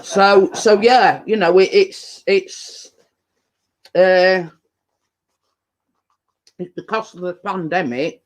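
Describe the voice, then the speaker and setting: A British man chatting casually to viewers on a live stream, his voice pitched high for a man. He talks slowly and rambles, with many fillers, restarts and trailing thoughts, sometimes while chewing. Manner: chatty, eats while talking. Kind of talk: casual chat.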